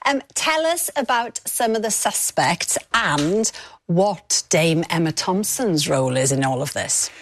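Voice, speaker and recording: A woman's voice: lowish voice, animated, measured pace, slight background noise. A woman co-hosting a friendly interview, bubbly and encouraging toward her guest. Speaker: co-host interviewer.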